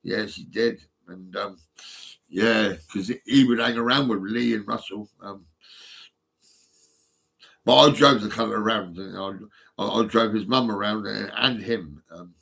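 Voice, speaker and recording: A man's voice: lowish voice, a little slow, vocal fry, a bit bright, husky. A man, talking live on a stream in a rambling way, swearing often, with many fillers and restarts. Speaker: livestreaming vlogger.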